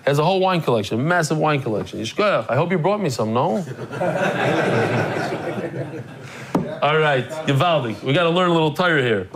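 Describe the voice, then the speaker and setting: A man hosting a daily class, telling a story in a lively, joking way and acting out the people in it, then greeting guests in the room. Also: on the high side, moderate pace, long pauses, crowd noise. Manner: animated, jokey, acts out the people in his stories. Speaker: daily Talmud class teacher and host. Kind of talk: casual storytelling to a live class.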